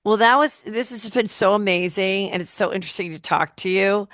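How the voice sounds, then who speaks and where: A woman hosting a podcast interview, chatty and quick to jump in with questions. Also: medium pitch, fairly bright tone, dry recording, studio quality. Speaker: podcast host. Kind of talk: casual interview chat.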